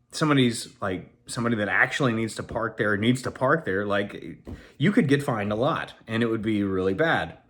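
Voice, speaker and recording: A middle-aged man telling a story casually to the camera, rambling with many fillers and restarts, and chuckling as he goes. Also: mid-range voice. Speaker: channel host telling a story.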